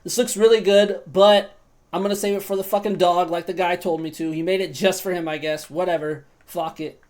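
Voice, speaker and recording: A woman's voice: on the low side, fairly even intonation, a little fast, darkish tone. A woman streamer giving casual, profane commentary while roleplaying a video game. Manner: chatty, swears freely.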